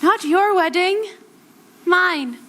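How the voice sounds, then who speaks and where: A woman's voice: very high-pitched, slow, fairly bright tone, exaggerated voice. A woman playing a grand, tipsy chaperone with a drawling, theatrical delivery on a stage. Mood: dreamy. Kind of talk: stage musical acting.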